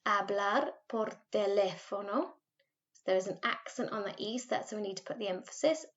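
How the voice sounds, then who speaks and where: A woman with a Welsh accent teaching a recorded Spanish lesson, patiently modelling words slowly for students to repeat. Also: medium pitch, lo-fi sound. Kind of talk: recorded remote language lesson.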